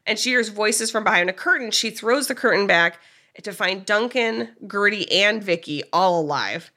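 A woman podcast co-host casually recapping a movie's plot, telling it with animated energy and frequent fillers. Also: medium pitch, moderate pace. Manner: animated storyteller, frequent "like" and laughs.

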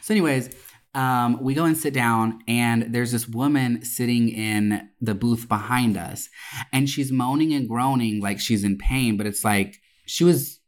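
Swearing oaths to drive points home, a young adult podcast co-host recounts a story in a lively, casual, profane style, speaking at a medium pitch.

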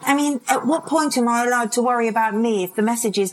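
Animated woman in her fifties. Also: on the high side, brisk, rough recording. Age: 50s. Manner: animated storytelling with acted-out quotes and laughs. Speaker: parenting and addiction expert guest. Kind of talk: live conversational interview. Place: conference stage.

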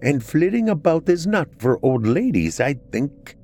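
A man's voice: fairly high pitch, sing-song, a little slow, darkish tone, soft background music, pitched above the performer's own voice. A man voicing a frail but stubborn old woman with a wry, dry sense of humor.

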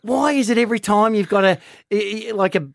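A man's voice: high-pitched, a little fast, creaky, no echo, clean studio sound, pitched above the performer's own voice. A man impersonating his exasperated partner, a woman who scolds him with incredulous, nagging questions.

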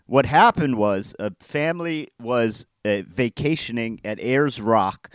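A man co-hosting a podcast, chatting casually with dry, deadpan humor and telling a long story. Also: mid-range voice, unhurried, clear, resonant tone, no room sound. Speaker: podcast co-host. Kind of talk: casual chat.

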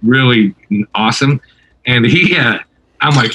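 A man with a bright, forceful tone tells a road story as a guest on a casual interview. He talks with plenty of fillers and quick restarts. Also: mid-range voice, rough recording. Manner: animated anecdote-telling, lots of fillers and restarts. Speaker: guest musician.

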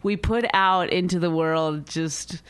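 A woman's voice: fairly low pitch, fairly even intonation, takes it slowly, clean tone. A woman co-host chatting casually on a phone call, easygoing and self-deprecating, laughing often. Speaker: podcast co-host.

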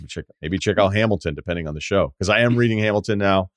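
A man's voice: sits low, fast, dry recording, studio quality. A man hosting a casual podcast, reading a listener email aloud and riffing on it with wry, profane asides. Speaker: podcast host.

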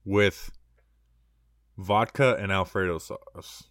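A man with a low voice, recorded close and dry, talks on a casual podcast. He draws out his stories slowly, leaning on fillers as he goes. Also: steady tone, a bit bright, no room sound. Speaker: podcast co-host. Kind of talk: casual chat.

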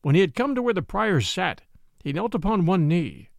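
A man narrating a classic adventure tale in a dramatic, expressive storybook reading. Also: high voice, moderate pace, gravelly, no echo.

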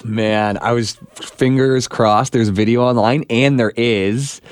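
A man's voice: mid-range voice, steady tone, slow pace, clean tone, no room sound. A man co-hosting a podcast, reacting with jokes and cracking up easily as he reads a news description aloud. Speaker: podcast co-host. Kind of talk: casual chat and reading aloud.

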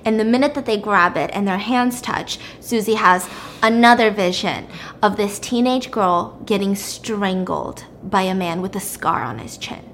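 A woman's voice: mid-range voice, moderate pace, a bit bright, slight background noise. A woman recapping a story in a casual, chatty, blunt way, using "like" often.

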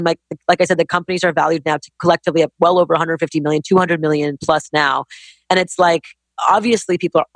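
A woman in her forties, a business-owner guest in a casual interview, talking in an emphatic, animated, rapid way. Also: on the low side, dry recording. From Canada. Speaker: guest entrepreneur.

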